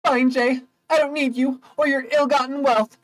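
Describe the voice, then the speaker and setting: A woman's voice: sits high, steady tone, normal speed, close to an everyday voice, low-quality recording. A woman voicing a flighty, spoiled young socialite in a game, dramatic and petulant.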